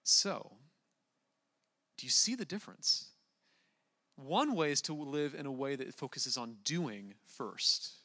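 A young man preaching a relaxed, conversational sermon, with plenty of fillers and restarts. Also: mid-range voice, slow pace, long pauses, long reverb tail.

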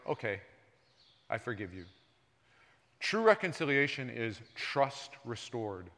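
Pastor, male, mid-pitched voice, conversational sermon with big swings from soft to loud, long hall reverb. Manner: conversational preaching, jumps between soft and loud. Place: church sanctuary.

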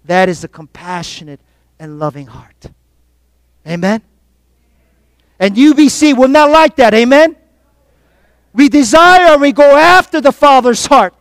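A man preaching a sermon to his congregation, calling out for responses and swinging between quiet reflection and loud exhortation. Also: very high-pitched, lively intonation, unhurried, pauses often, smooth, no echo. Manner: call-and-response preaching, rising and falling in force. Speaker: pastor.

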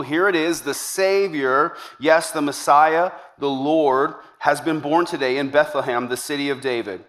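A male pastor delivers a sermon to his congregation. His voice sits a little higher than most men's. He keeps the tone chatty and upbeat and slips in jokes as he goes. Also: moderate pace, hardly any pauses, a bit bright. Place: church service before a congregation.

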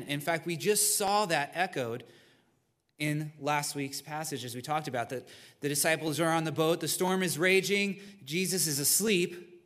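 A man's voice: on the high side, normal speed, fairly bright tone. A man preaching a sermon as pastor in a church, talking to the congregation in a conversational way with asides. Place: church sanctuary. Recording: long reverb of a large hall.

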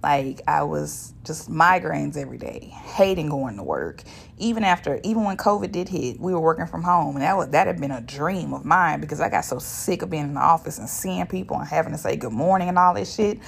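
A woman speaks in a low voice with a gravelly edge. She talks through a casual solo podcast monologue, venting bluntly and swearing freely. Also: a little fast, a little hiss or hum. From Shreveport, Louisiana, US. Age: 30s. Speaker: podcast host.

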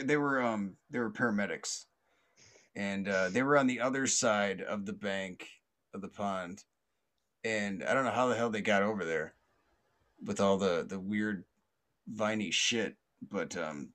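Guy with a lowish voice rambling thru a story, lots of likes and restarts. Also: unhurried. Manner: rambling, many fillers and restarts, laughs often; acts out quoted voices loudly and higher. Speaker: podcast host. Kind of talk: casual storytelling.

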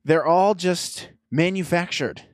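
A man's voice: fairly high pitch, slow, no echo, clean studio sound. A man hosting a podcast, ranting sarcastically in casual chat. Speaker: podcast host.

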